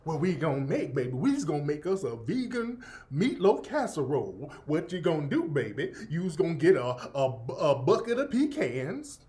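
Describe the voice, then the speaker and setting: A man voicing a sweet, folksy woman home cook who talks in a slow, sing-song drawl. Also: on the high side, very animated, mellow. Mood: syrupy.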